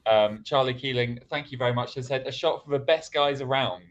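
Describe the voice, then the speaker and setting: A man's voice: medium pitch, fairly quick, dull audio. A man hosting an online improv comedy livestream, chatting casually and reading out viewer donations.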